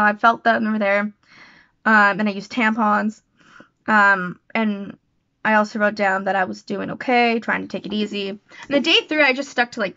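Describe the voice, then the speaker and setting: A woman's voice: fairly high pitch, bright, forceful tone, dry recording. A young woman talking casually in a personal vlog, rambling and self-deprecating with lots of fillers. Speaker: vlogger. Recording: dull lo-fi sound, dry.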